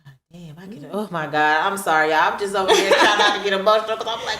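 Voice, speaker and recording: A woman's voice: mid-range voice, fast, crowd noise. A woman hosting a podcast, chatting expressively, swearing casually and laughing while she talks. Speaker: podcast host. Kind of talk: casual chat. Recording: echoey room.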